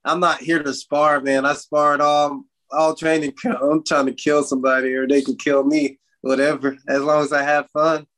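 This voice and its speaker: Brash man with a flat, even delivery. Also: a little high, moderate pace, few pauses. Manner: brash, swaggering. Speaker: guest fighter. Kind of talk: casual interview chat.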